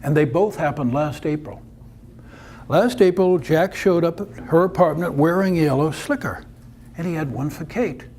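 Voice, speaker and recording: A man's voice: a little high, moderate pace, a little mellow, slight background noise. A man performing a dramatic told story, narrating it vividly.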